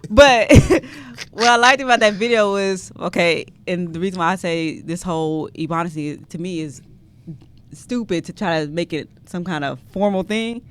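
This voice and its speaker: Animated woman podcast host. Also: fairly low pitch, moderate pace, clean tone. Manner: animated, laughs often, emphatic. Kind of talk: casual opinion chat.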